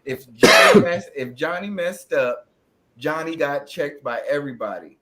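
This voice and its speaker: A man's voice: fairly high pitch, animated, a little slow, background noise. A man speaking as a panelist, cutting in insistently and restarting his sentences. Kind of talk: casual panel discussion.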